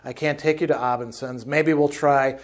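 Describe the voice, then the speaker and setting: A man's voice: mid-range voice, steady tone, moderate pace, natural voice. A man reading the lines of a male commando assassin who speaks coolly and matter-of-factly.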